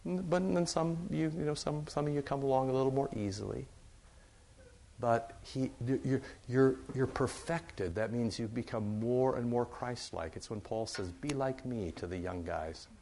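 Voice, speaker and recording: A pastor speaking to his congregation in an easygoing, conversational sermon. His voice sits at an ordinary middle pitch for a man. He circles back on key words, saying them two or three times to drive a point home. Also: measured pace, mellow, a little hiss or hum. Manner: conversational, repeats phrases for emphasis.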